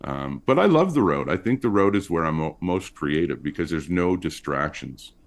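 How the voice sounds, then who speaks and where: A male comedian from Montreal chatting as a podcast guest, telling stories in a loose, lively way with lots of fillers. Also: moderate pace. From Montreal, Canada. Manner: chatty storyteller with lively pitch swings. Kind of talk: casual interview chat.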